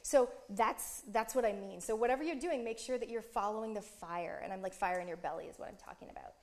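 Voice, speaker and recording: A middle-aged woman from Canada, a guest giving business tips in a lively, enthusiastic, self-deprecating chat. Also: mid-range voice, fast. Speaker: guest, speaker coach. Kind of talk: casual talk show chat.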